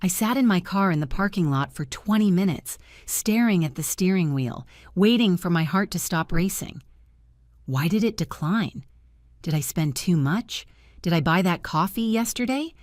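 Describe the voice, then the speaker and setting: Low-voiced woman telling a drama story. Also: expressive, moderate pace, a little mellow, no room sound, studio quality. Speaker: narrator. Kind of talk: first-person scripted storytelling.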